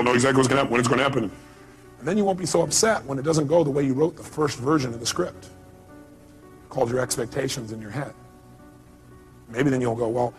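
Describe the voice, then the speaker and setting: A man's voice: medium pitch, a bit bright. A man giving a motivational seminar talk, emphatic, firing rhetorical questions at his audience. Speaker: motivational speaker.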